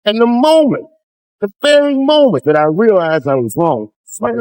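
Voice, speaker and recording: A man performing live stand-up comedy, telling profane stories that swing into shouted rants. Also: sits high, very animated, normal speed, in a large hall. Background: audience laughter.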